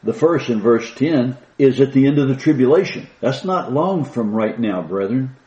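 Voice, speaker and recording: A man preaching a sermon, slowing down and lifting his voice to stress the scripture he reads. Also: medium pitch, animated, dark tone, reverberant, lo-fi sound. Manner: slow, emphatic reading of scripture with rising stress.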